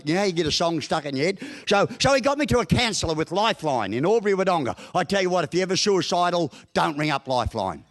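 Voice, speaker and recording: Joking Australian man, high-pitched storyteller. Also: expressive, fast, a bit bright. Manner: broad, joking storyteller with crude humour. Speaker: guest speaker. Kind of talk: motivational after-dinner talk. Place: function room at a business breakfast.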